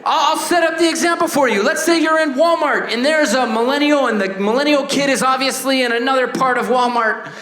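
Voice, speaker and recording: A man in his thirties doing a stand-up comedy set, animated, acting out voices and shouting punchlines. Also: very high voice, brisk, roomy sound, slight background noise. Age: 30s. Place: stage before a laughing audience.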